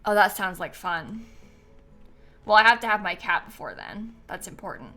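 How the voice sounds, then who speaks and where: A woman game streamer chatting casually with her viewers as she plays, thinking aloud and often breaking into excited squeals and laughs. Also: medium pitch, moderate pace, faint music behind. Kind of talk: casual live-stream chat while playing.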